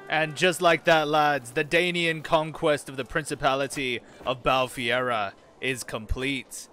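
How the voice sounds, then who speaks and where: A man with a bright, forceful voice talks his way through a strategy game, reading event texts aloud and tossing off casual asides to his viewers. Faint music plays under his commentary. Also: mid-range voice, fairly even intonation, measured pace, clear, resonant tone. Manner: casual, chatty, mutters reactions to the game. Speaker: gaming channel host.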